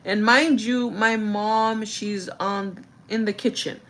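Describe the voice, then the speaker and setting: A woman's voice: mid-range voice, fairly even intonation, slow pace, fairly bright tone. A woman in her thirties talks straight to her viewers in a loose storytime style. Her voice sits in the middle of the range, and she keeps stringing thoughts together with "like" and "you know." A faint background hum runs under her words. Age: 30s. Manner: rambling, full of "like" and "you know". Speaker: vlogger. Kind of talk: casual storytime chat.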